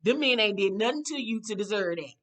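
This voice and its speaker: A woman's voice: mid-range voice, expressive, fast talker, fairly bright tone. Woman chatting thru a reality show recap, cussing a lot, blunt and fed up. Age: adult. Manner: blunt, profane, exasperated commentary.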